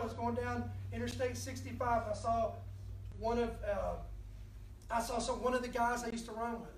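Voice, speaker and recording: A woman preacher, telling a personal story to her congregation in a lively, conversational sermon. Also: on the high side, slight background noise. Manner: storytelling, animated, addresses the congregation directly. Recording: echoey room from a distance.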